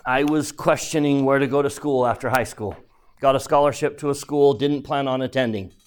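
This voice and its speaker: A man teaching a devotional lesson to a class, speaking slowly and deliberately and sometimes dropping to a hushed near-whisper for emphasis. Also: medium pitch, fairly even intonation, clean tone. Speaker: religious teacher.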